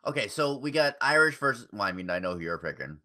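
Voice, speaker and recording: A man's voice: fairly low pitch, very animated, quick pace, sharp tone. A man co-hosting a casual podcast chat, sarcastic and swearing freely. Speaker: podcast co-host.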